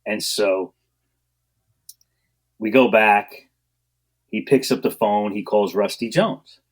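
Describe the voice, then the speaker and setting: A man, a guest on a podcast, telling stories about his coaching career in an animated way, acting out what people said and laughing often. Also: on the low side, takes it slowly. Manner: animated storyteller, acts out quotes, laughs often. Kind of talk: storytelling in a podcast interview.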